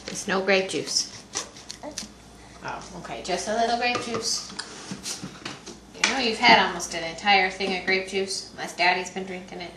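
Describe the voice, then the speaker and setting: A woman's voice: medium pitch, normal speed, pauses often, background noise. Woman cooing to her baby, echoey room. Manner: soft, coaxing baby talk. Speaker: mother feeding her baby. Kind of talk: home video, talking to a baby. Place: room at home. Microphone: home video camera. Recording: echoey home video room.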